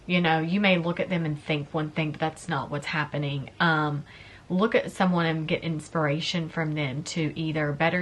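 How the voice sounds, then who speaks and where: Woman, thirties, beauty vlogger; candid, tearful chat, lower register. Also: a bit bright. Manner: emotional, tearful storytelling. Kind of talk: casual chat.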